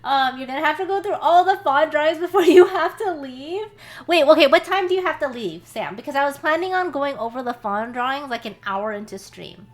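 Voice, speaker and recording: A young woman from the United States, a streamer, chatting casually with her chat from a warm small room, swearing and laughing often. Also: high voice, lively intonation, brisk.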